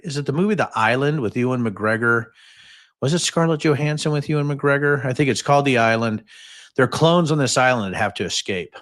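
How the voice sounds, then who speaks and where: A man's voice: medium pitch, a bit bright. A man in his fifties hosting a livestream, telling stories in a rambling, jokey way with many fillers and asides. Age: 50s. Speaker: podcast host. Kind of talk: casual livestream storytelling.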